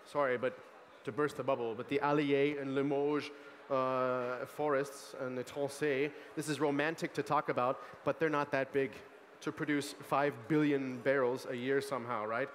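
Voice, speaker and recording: An American man, a young adult sommelier, giving an animated, chatty wine tasting talk full of asides and fillers at a food market event. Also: medium pitch, moderate pace, in a large hall, slight background noise. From United States. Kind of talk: lively tasting presentation.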